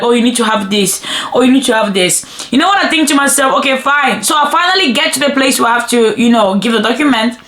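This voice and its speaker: A woman of twenty telling a personal story in a chatty, animated vlog style, often addressing viewers as "bro" and "guys". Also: high voice, echoey room. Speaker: vlogger.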